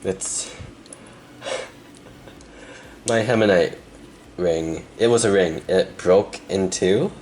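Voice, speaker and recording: A young man doing a pick-a-card tarot reading, talking softly and earnestly to the viewer with pauses, and emotional at times. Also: deep voice, a little hiss or hum. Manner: soft, earnest, speaks directly to the viewer with pauses. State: emotional, close to tears. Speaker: tarot reader.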